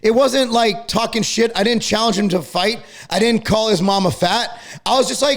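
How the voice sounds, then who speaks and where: Angry high gravelly-voiced man ranting. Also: lively intonation, a bit bright. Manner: angry, profane, rapid ranting. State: worked up, yelling. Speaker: fitness company owner and channel host. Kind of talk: ranting vlog to camera.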